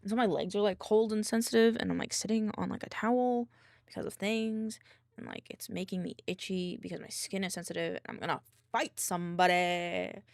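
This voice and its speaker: A woman's voice: mid-range voice, steady tone, brisk, creaky, a little mellow, dry recording, clean studio sound. A woman streamer chatting casually while she works, rambling with many restarts and fillers. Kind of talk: casual chat while working.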